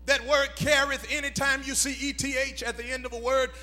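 A pastor preaching a sermon to his congregation, swelling into a shouted, half-sung cadence. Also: little pitch movement, brisk, long reverb tail, soft background music. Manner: builds from low murmurs to shouted, half-sung whooping cadence. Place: church sanctuary.

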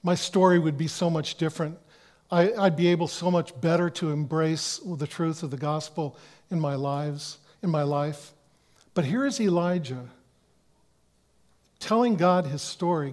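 A man preaching a sermon in an earnest way, often restarting phrases and dropping to a hush for quoted words. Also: high-pitched. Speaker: pastor.

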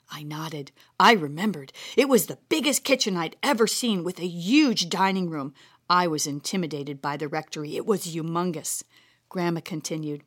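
A woman narrating her own personal story in a gentle, reflective manner. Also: fairly low pitch, normal speed. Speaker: narrator and host. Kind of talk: reading a personal story aloud.

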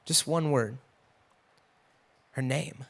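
A man teaching a Bible passage in a casual, conversational way, acting out the quotes with a raised voice and dropping to a hush for emphasis. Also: mid-range voice, very slow, creaky.

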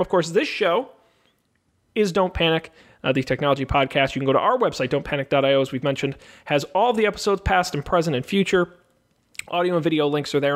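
A man hosts a casual podcast, his voice sitting a little high for a man. He chats and jokes easily, then moves smoothly into the plugs and sign-off. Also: fairly bright tone. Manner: chatty, joking, runs show plugs. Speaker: podcast host.

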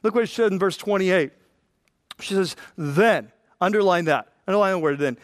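A man preaching a sermon, reading scripture and acting out the voices in it with lively emphasis. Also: high-pitched, normal speed, no echo, studio quality. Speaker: pastor.

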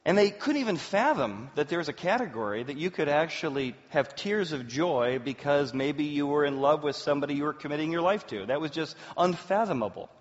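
A man in his forties, a pastor preaching a sermon as an animated storyteller, with big swings in pitch and loudness. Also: fairly quick, hardly any pauses. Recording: roomy hall, dull sound.

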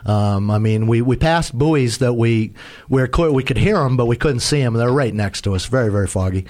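A man's voice: mid-range voice, brisk. Male, casual storyteller, rambling and self-deprecating, talks about boats. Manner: rambling, self-mocking, acts out quoted shouts. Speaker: sailor telling a sea story.

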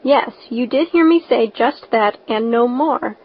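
A woman voicing a stern, practical older woman who speaks in a brisk, scolding way. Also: on the high side. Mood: severe. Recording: dull lo-fi recording.

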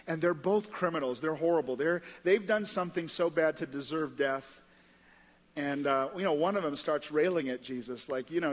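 A man with an American accent preaching a sermon as pastor, telling the story in a casual, conversational way. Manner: conversational storytelling, acts out voices with big pitch jumps. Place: large church hall. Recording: long hall reverb.

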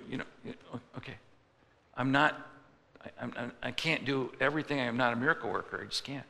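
A man's voice: medium pitch, fairly even intonation, moderate pace, pauses often, sharp tone. A male pastor preaching a sermon in a conversational style, acting out the voices of people he quotes. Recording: long hall reverb.

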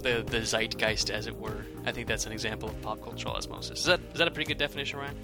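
A man co-hosting a casual chat, talking in a relaxed way with many fillers and restarts. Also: mid-range voice, very fast, creaky, music in the background.

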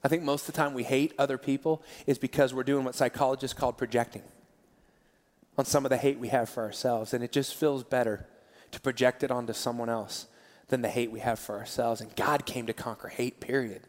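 A man preaching a sermon, earnest and emotional, his voice dropping soft and then rising loud. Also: mid-range voice, fairly even intonation, fairly quick. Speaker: pastor. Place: large church hall. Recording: long church hall reverb with soft music. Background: soft band music.

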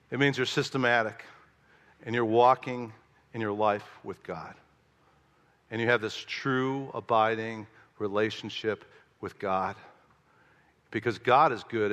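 A male pastor from Chicago preaching a sermon, telling stories in an animated way and acting out his own thoughts with rising emphasis. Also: mid-range voice, big-room sound.

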